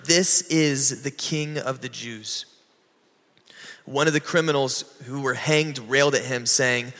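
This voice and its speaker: Bright-voiced man preaching in a reverberant hall. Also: mid-range voice. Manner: conversational preaching, slows and rises for emphasis. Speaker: pastor. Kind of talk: sermon.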